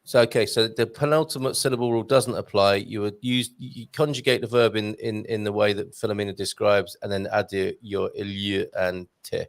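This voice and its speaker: A man's voice: lowish voice, steady tone, fairly quick, hardly any pauses, no room sound. A man from England hosting a casual live Q&A, reading out viewer messages in a jokey, chatty way. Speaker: host.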